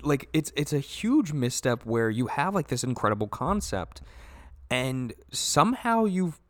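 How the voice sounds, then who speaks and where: Easygoing man with lively intonation. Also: medium pitch, a little slow, no room sound. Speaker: podcast co-host. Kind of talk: casual chat.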